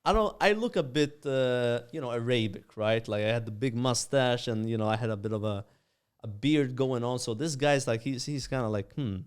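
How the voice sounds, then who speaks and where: A young man with a Maltese accent tells an animated story in a podcast chat, filling gaps with "uh" and "like". His voice sits at a middle pitch and sounds smooth and clear. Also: moderate pace. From Malta. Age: young adult. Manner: animated storyteller, many fillers. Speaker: guest, streamer.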